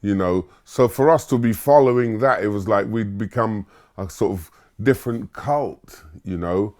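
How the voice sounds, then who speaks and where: A man's voice: fairly low pitch, normal speed, a little mellow. Laid-back man from Barbados reminiscing. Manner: laid-back storytelling with filler words and chuckles. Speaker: musician interviewee. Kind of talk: relaxed reminiscing monologue.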